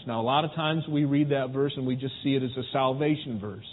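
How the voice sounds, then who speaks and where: In a church sanctuary, a man of medium pitch preaches at a quick clip with hardly any pauses, addressing his congregation easily and questioning them often. It's captured with phone-like sound and a long, hall-style echo.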